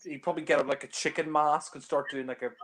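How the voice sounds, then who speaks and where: A man's voice: a little high, fairly even intonation, fast talker, fairly bright tone. A man giving casual, joking film commentary with blunt remarks.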